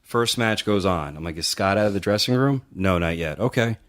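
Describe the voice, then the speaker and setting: A man's voice: sits low, animated, fairly quick. A man who runs wrestling shows, telling profane, rambling backstage stories in a casual podcast chat and acting out the quotes. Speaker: podcast co-host, wrestling promoter. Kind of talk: casual storytelling.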